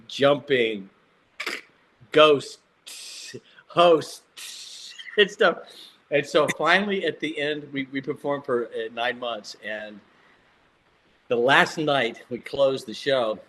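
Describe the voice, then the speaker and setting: Older man, jokey animated storyteller. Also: medium pitch, a little hiss or hum. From Mississippi, US. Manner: jokey, animated anecdotes with self-mocking humor. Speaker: guest actor. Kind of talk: casual storytelling.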